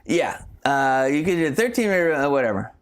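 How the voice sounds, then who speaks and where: A man's voice: a little high, very animated, normal speed. A man co-hosting a loose live-stream chat, his voice sitting a little above the usual male range. He rambles through anecdotes and often trails off before finishing a thought. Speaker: co-host.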